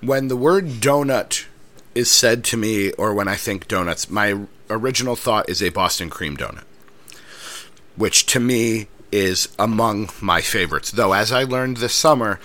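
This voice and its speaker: Bright-voiced man telling a story. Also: on the low side. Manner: measured storyteller, patient. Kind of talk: casual chat, food review.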